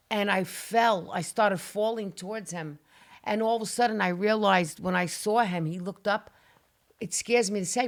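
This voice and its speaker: A middle-aged woman on a talk show, animatedly telling a dramatic personal story and swearing now and then. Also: mid-range voice. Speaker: guest. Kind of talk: casual storytelling.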